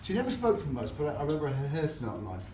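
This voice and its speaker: Lively man telling stories. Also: on the high side, very fast. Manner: animated, laughing, acts out voices in his stories. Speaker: guest actor on a fan event panel. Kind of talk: anecdotal storytelling to an audience. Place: event hall before a live audience. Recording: echoey hall, distant mic, crowd.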